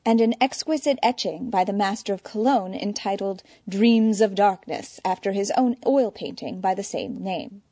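A woman narrating a story in a measured, wry storytelling manner. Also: medium pitch, vocal fry, mellow, breathy edge, no echo. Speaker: audiobook narrator. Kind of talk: scripted narration.

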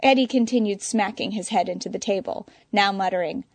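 A woman narrating a story in a measured, wry storytelling manner. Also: mid-range voice, background noise. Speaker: audiobook narrator. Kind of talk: scripted narration.

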